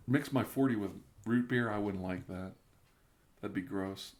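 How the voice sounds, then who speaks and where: Slightly drunk and rambling, a middle-aged man hosts a relaxed ASMR live stream, reading out viewer comments. His voice is lowish with lively intonation and a slightly slow pace, and he stumbles over restarts and occasionally slips into whispers. A faint hiss or hum is audible.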